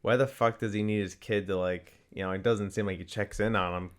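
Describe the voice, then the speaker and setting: A man's voice: lowish voice, fairly even intonation, brisk. A young man co-hosting a movie podcast, chatting casually and rambling with lots of "like". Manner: rambling, heavy use of "like", laughs often. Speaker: podcast co-host.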